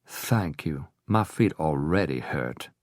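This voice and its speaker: A man's voice: extremely low pitch, expressive, takes it slowly, no room sound, clean studio sound, heavily acted. A man voicing a vain, shallow society wife who talks in a whining voice. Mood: whiny chatter. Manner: whining, self-absorbed chatter.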